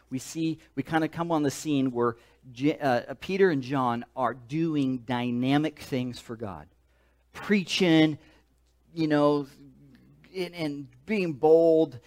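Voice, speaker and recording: A male pastor with a slightly high voice preaches a sermon in an emphatic, animated way. He repeats words and restarts phrases as he builds his story.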